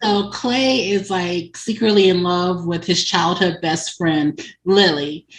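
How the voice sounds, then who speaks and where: A woman's voice: on the low side, takes it slowly. A woman chatting casually about a romance book, telling the story with lots of fillers and laughing asides. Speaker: book reviewer. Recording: echoey room.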